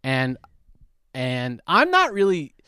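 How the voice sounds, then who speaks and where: A man's voice: on the high side, wildly swooping pitch, pushed and bright, clean tone, no echo, studio quality. A young man, a stand-up comedian, telling a story in casual podcast chat, rambling with many restarts. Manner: rambling, restarts a lot, talks fast.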